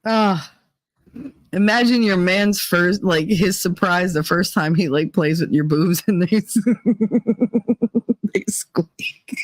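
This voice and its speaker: A woman hosting a casual live chat, reading viewer comments aloud and laughing often as she tells animated stories. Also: fairly low pitch, slow pace, long pauses, dry recording. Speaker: host.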